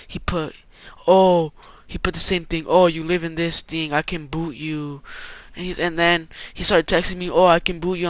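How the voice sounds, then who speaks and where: A man's voice: a little high, pushed and bright, dry recording. A young man from California telling a rambling story about an online threat, loose and full of fillers and slang. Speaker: gaming vlogger. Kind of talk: casual story-time vlog.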